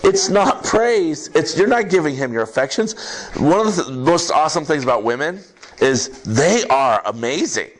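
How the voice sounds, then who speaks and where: Male pastor, lively conversational sermon, very expressive pitch, slight background hiss. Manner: animated, conversational preaching with laughs and quick asides. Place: church service with congregation.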